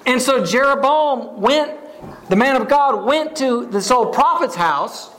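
A man's voice: very high voice, animated, a little slow, a bit bright. A man preaching a sermon, telling a story with repeated words and questions put to his listeners.

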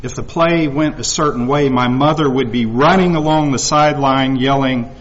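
A man's voice: mid-range voice, moderate pace, dull audio. A man addressing a congregation, earnestly retelling a personal story and voicing the people in it. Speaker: visiting speaker. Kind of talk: sermon storytelling.

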